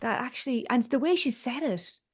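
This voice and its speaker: A woman's voice: high voice, animated, fairly quick, slightly rough. An Irish woman coaching a small group in casual chat, a talker who tells stories and acts out what people said. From Ireland. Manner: chatty storyteller, acts out quoted speech. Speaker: voice and confidence coach.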